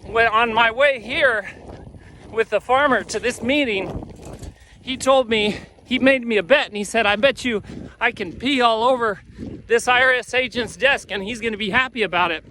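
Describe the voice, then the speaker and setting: A man's voice: extremely high pitch, normal speed, sharp tone, a little hiss or hum. A man voicing a rueful male lawyer in a told joke, resigned in tone.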